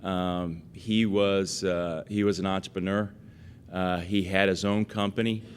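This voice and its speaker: A man giving a relaxed, story-filled award acceptance speech, self-deprecating, full of fillers, and acting out family quotes. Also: low voice, unhurried, slight background noise. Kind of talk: casual anecdotal acceptance speech.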